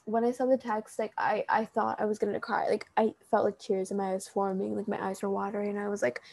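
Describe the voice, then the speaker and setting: A woman's voice: medium pitch, little pitch movement, fast, creaky, a little mellow. A young woman talking straight to a friend in a rambling, heartfelt monologue, full of fillers and restarts, standing up as she speaks. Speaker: vlogger addressing a friend. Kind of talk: emotional casual monologue.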